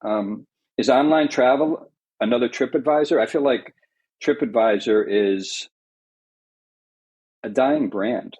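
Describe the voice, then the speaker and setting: A man's voice: medium pitch, slow, long pauses, darkish tone, slightly rough, rough recording. A man with a New York accent chatting on a podcast as an editor, opinionated and full of fillers and restarts. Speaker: executive editor and interviewer. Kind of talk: casual podcast chat.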